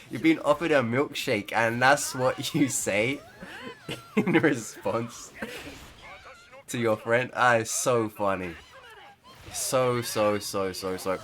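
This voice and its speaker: A man's voice: lowish voice, a bit bright. A man chatting casually over gameplay as a gaming creator, rambling and laughing mid-sentence.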